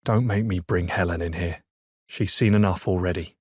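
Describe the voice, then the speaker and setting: A man's voice: low-pitched, steady tone, normal speed, darkish tone, breathy edge, no room sound. A man voicing a firm, protective brother who chides in a dry, matter-of-fact way, read for an audiobook. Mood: chiding. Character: stern, protective adult brother.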